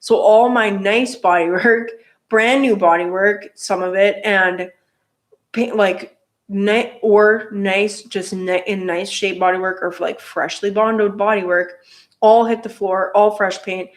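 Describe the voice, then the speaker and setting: A woman's voice: mid-range voice, steady tone, a little slow. A woman telling a casual story about her motorcycle build, rambling with lots of fillers and restarts.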